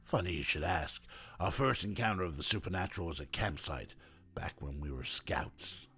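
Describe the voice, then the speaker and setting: A man voicing a gruff, weary middle-aged male detective with a rough, low voice and deadpan wisecracks. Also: normal speed, soft background music, full character voice.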